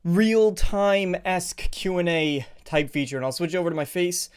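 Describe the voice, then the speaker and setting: A male streamer talking casually into a desk mic, a touch out of breath. His voice sits somewhat high for a man and comes through smooth and clear. He rambles warmly through greetings and setup. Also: moderate pace. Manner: chatty, rambling, greets viewers by name. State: a little out of breath. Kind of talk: casual live stream chat.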